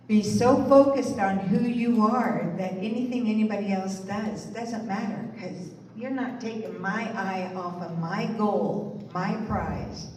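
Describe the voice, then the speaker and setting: A woman's voice: mid-range voice, a little mellow, a little hiss or hum. A woman giving an encouraging sermon at a church service and asking the congregation to answer her. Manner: encouraging, calls for congregation responses. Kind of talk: inspirational sermon talk. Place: church sanctuary. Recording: echoey hall, distant mic, faint music.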